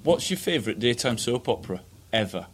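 A man's voice: medium pitch, animated, fairly quick, a bit bright, a little hiss or hum. A man co-hosting a casual comedic podcast, teasing and telling rambling stories. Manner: jokey, teasing, rambling storyteller. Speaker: podcast co-host.

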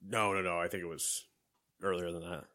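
A deep-voiced man co-hosting a casual podcast, telling stories animatedly, acting out quotes and laughing often. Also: level tone, a little fast, bright, forceful tone. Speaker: podcast co-host.

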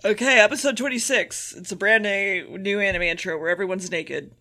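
A woman's voice: mid-range voice, a little fast, pushed and bright. A woman co-hosting a podcast, recapping an anime in a sarcastic, casual way and swearing freely. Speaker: podcast co-host.

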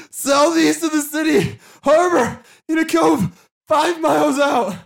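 A man voicing a wounded male pirate captive, yelling in a shrill, panicked voice. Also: gravelly, exaggerated voice.

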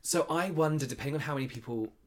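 A man's voice: fairly high pitch, fast talker. Brief: male co-host, casual chatter, blunt with offhand swearing. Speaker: podcast co-host. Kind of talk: casual chat.

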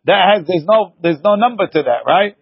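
A man teaching a lively Talmud class, arguing points back and forth with his students. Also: high voice, normal speed, dull audio, crowd noise.

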